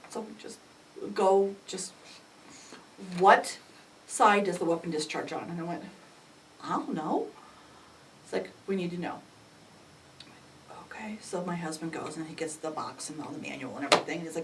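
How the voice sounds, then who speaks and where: Middle-aged mother, storytelling interview, animated, voice leaps high when quoting, recorded from a distance with light room noise. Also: moderate pace, long pauses. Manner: animated, acts out quoted dialogue with sudden jumps in pitch. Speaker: mother recounting a family crisis. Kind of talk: emotional personal storytelling. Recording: distant mic with faint ambient noise.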